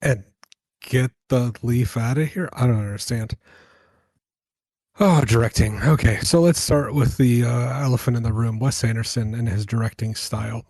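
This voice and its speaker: A man on a casual movie podcast panel, talking through his thoughts and pausing to search for words. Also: medium pitch, a little mellow, no room sound, studio quality. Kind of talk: casual film discussion.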